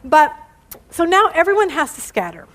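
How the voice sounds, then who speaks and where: A woman's voice: very high-pitched, very animated, moderate pace, a bit bright. A middle-aged woman teaching a casual Bible study to a group, chatty and playful, acting out quotes in funny voices.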